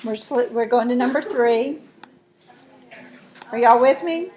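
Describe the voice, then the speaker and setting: Woman math teacher, higher voice, patient step-by-step explainer. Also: measured pace, a little mellow, a little hiss or hum. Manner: explains step by step, checks in with students. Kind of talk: classroom lesson.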